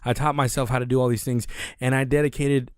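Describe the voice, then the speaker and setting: A man in a casual podcast conversation, speaking thoughtfully and at a measured pace. His voice sits in a middle range. The recording is dry and close. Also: mid-range voice, little pitch movement, clean tone, dry recording. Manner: thoughtful and measured, with small restarts.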